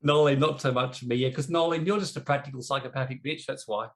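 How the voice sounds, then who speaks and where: A man's voice: mid-range voice, fast. A man teaching in a live online discussion, telling an earnest, confessional personal story and later teasing his co-hosts playfully. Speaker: teacher in an online spiritual debate.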